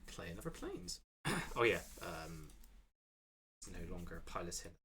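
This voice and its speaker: Lively, bright-voiced man at a card game. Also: sits low, unhurried, a little hiss or hum. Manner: self-deprecating, explains card rules at length. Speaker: player in a card game stream. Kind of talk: casual game chat.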